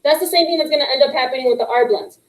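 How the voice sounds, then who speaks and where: A woman teaching young students a phonics lesson, patient and encouraging, slowly sounding out letter blends. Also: sits high, echoey room, low-quality recording. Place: classroom with a whiteboard. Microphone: microphone picked up partway.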